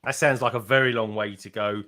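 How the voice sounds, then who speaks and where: A man's voice: lowish voice, fairly even intonation, fairly quick, a loud crowd. A man co-hosting a casual livestream, teasing and joking with the host. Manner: teasing, jokey, playful.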